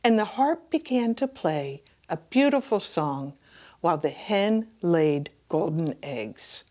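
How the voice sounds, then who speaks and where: Children's librarian, middle-aged woman, unhurried and lively storytime reader who drops to whispers. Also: lowish voice. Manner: animated, slipping into hushed whispers and gasps. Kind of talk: reading a picture book aloud to children.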